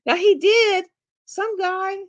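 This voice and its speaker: Speaking slowly in a very high-pitched voice, a middle-aged livestream host rambles through stories in a casual live chat. She laughs frequently and acts out the voices of other people.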